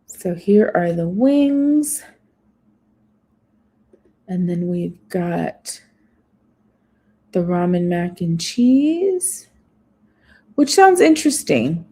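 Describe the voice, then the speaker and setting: A woman's voice: fairly low pitch, big pitch swings, drawn-out words, long pauses, dark tone. A woman vlogger chatting casually on a live stream, reading menu items aloud with small asides. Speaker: food vlogger.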